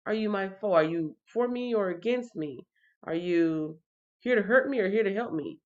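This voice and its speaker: A woman's voice: medium pitch, lively intonation, moderate pace, a little mellow, dull audio. Chatty woman on a livestream. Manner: chatty, talks straight to chat viewers. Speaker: livestream host reading the Bible. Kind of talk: casual livestream Bible reading. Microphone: computer or phone mic on a livestream.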